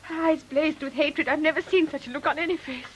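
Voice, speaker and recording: An actress plays a proud young governess with a high, light voice in a 1950s television drama. She speaks politely and with restraint, and her voice trembles when she is upset. A faint hiss sits under the old recording. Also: a little fast, natural voice, poor audio. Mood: frightened.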